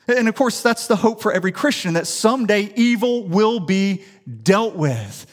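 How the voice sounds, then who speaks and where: A man from the Atlanta area preaching a sermon in a church, telling stories and building up to loud declarations. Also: sits high, normal speed, few pauses. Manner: animated storytelling, rising to loud declaration. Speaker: pastor. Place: church sanctuary.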